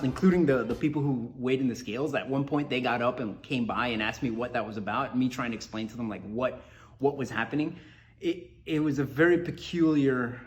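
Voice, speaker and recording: A man from Colombia, an MMA fighter, telling a story in casual, animated talk. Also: mid-range voice. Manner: animated, lots of fillers and restarts. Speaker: MMA fighter, podcast guest.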